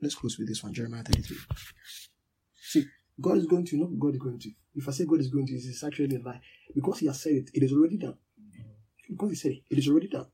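A man's voice: mid-range voice, fast, warm tone, slight background noise, low-quality recording. A man preaching a sermon, teaching with emphatic repetition and call-and-response with his listeners.

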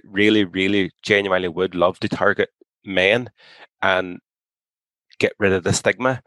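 Man, podcast guest, outspoken, swears freely, deeper voice, dry recording. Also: fairly bright tone, no echo, rough recording. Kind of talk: candid conversation.

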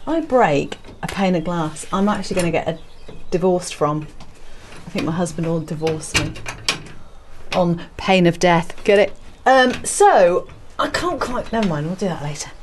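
A woman's voice: on the low side, lively intonation, normal speed, a little hiss or hum. A woman hosting a gardening podcast from her greenhouse, chatty and self-mocking with playful asides. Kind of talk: casual gardening podcast chat. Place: garden and small greenhouse, outdoors.

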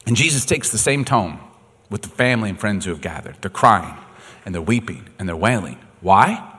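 A man preaching a sermon, dramatic and swinging from quiet to loud, in a long echoey hall. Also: fairly low pitch, animated, normal speed, slightly rough. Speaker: pastor.

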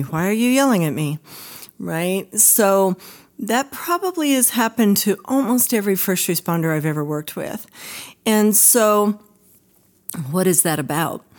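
A woman who is a psychologist hosting an educational podcast, talking in a direct, conversational way. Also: deep voice. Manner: direct, conversational, acts out quoted voices. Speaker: psychologist host.

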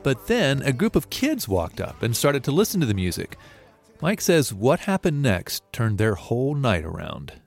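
A man's voice: medium pitch, big pitch swings, moderate pace, soft background music. A male reporter narrating a news feature in a conversational way, speaking straight to the listener.

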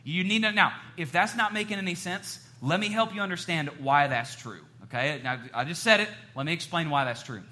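A middle-aged man preaching a sermon as a pastor, telling stories in an animated way and joking with the audience. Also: on the high side, brisk, hardly any pauses.

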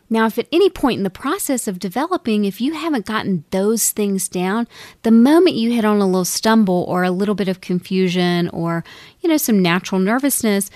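A woman co-hosting a podcast as a medium, talking casually with many fillers and lively quoted asides. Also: mid-range voice, no echo, clean studio sound. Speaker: podcast co-host, psychic medium.

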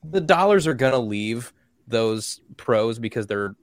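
A man's voice: medium pitch, lively intonation, a little slow, no echo. A man co-hosting a podcast, talking casually with strong opinions. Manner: opinionated, mocking impressions. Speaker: podcast co-host. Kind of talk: casual chat.

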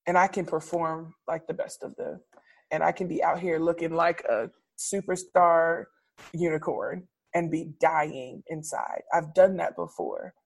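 A woman preacher and teacher reflecting candidly in conversation, animated and expressive, laughing often. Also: sits low, unhurried, gravelly, breathy edge.

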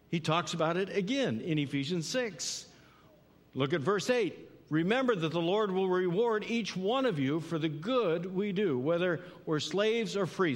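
A man delivers a sermon with earnest conviction, his voice a touch higher than most men's. He repeats key phrases and keeps asking his listeners "right?" as he presses each point home. The sound carries a long reverb, as if it fills a large church hall. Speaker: pastor.

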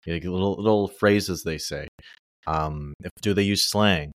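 A young man, a ghostwriter, explaining his methods in a relaxed, loose way in a casual interview. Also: deep voice, measured pace, no room sound, clean studio sound. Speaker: ghostwriter guest.

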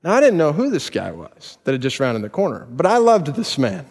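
A man's voice: medium pitch, big pitch swings, brisk, darkish tone. Man preaching in a reverberant hall. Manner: storytelling, builds to emphatic preaching. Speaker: pastor. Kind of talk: sermon with personal stories. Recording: long reverb of a large hall.

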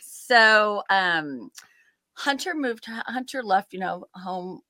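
A woman's voice: medium pitch, lively intonation, slow, pushed and bright, dry recording, clean studio sound. A middle-aged woman, a podcast guest, telling a family story with eager enthusiasm and setting the scene. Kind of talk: casual storytelling.

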